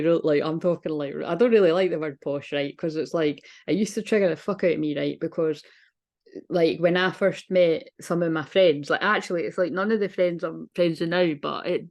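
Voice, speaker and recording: Rambling, frank woman, low voice. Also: a little mellow. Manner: rambling, frank, swears freely. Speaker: spiritual reader. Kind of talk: casual spiritual monologue.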